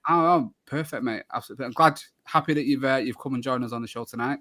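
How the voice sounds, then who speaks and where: Male host, mid pitch, easygoing chatter, frequent ums and restarts. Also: quick pace. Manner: chatty, friendly, many fillers and restarts. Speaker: podcast host. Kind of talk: casual live show chat.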